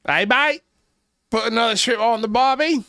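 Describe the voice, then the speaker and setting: A man's voice: extremely high pitch, normal speed, sharp tone, clean tone, dry recording, clean studio sound, voice pushed up, heavily acted. A man voicing an exaggerated Australian bloke in a clumsy imitation Australian accent, cheery and mocking. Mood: joking. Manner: overdone, mocking, sing-song.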